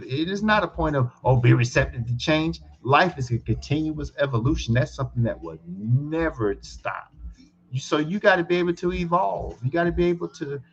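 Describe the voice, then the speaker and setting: A man's voice: on the high side, dull audio. Earnest man preaching open-mindedness. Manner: earnest, preachy, emphatic repetition. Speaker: co-host. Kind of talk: casual discussion.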